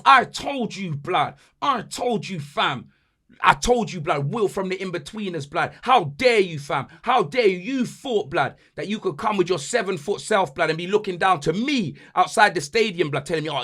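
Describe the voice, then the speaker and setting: A man's voice: high voice, bright, forceful tone. A young man hosting a football podcast, boastful and mocking, full of slang. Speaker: podcast host. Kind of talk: animated football banter.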